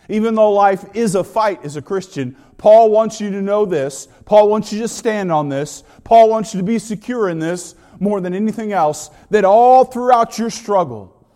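A pastor with a high-pitched voice delivers a sermon, pressing each point by repeating a phrase again and again. His words ring out with a long reverb, as if recorded in a large church hall. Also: a little mellow. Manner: emphatic, builds through repeated phrases.

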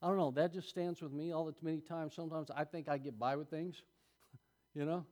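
A man's voice: a little high, fairly quick, a little mellow. A man preaching a sermon, reading scripture aloud and adding folksy, chuckling asides to his congregation.

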